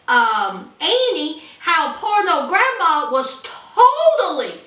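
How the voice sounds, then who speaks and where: Sassy lady spilling reality tv tea, super high lively voice, kinda far from the mic. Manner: sassy, dramatic, peppered with "honey" and "child". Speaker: reality TV reviewer. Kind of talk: casual gossipy recap commentary. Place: home. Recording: echoey room, voice a bit off-mic.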